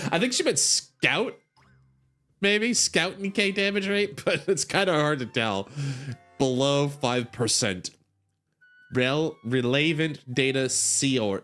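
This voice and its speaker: A man's voice: mid-range voice, a bit bright. Giggly male streamer reading a game story aloud. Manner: giggly, rambling, stumbling over words.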